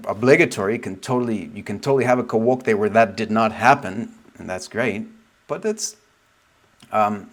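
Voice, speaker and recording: A man giving a casual spoken teaching as a spiritual teacher, reflective and meandering, often trailing off softly. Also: fairly low pitch.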